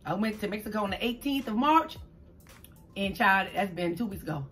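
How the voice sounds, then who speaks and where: Here a mukbang host, a middle-aged New Orleans native with a Southern drawl, chats quickly through a story while eating at home before a green screen, tripping over words and calling her audience "child". Her voice is mid-range, a bit bright, with lively intonation, and gentle music sits in the background.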